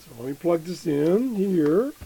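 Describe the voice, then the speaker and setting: A man slowly demonstrating an old radio, halting often and clearing his throat, his voice worn from being sick. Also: sits high, sing-song, low-quality recording. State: losing his voice after illness. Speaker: radio hobbyist video host. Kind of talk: casual show-and-tell demo.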